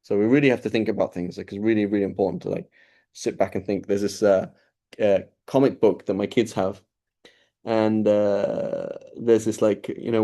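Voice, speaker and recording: Casual male teacher with a mellow voice. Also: lowish voice. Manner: casual, conversational, with many fillers and restarts. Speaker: Islamic studies teacher. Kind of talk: informal lecture.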